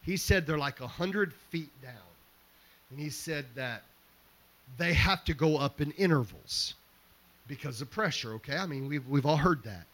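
Middle-aged pastor with a slightly high voice, conversational story-driven preaching. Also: male voice, moderate pace, fairly bright tone. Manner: conversational, fillers and self-corrections. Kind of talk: storytelling sermon.

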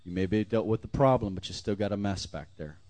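A pastor leading his congregation in a fervent sermon prayer, calling out lines for them to repeat and sometimes dropping to a hush. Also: on the low side, fast, faint music behind. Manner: fervent, leads call-and-response prayers, drops to whispers.

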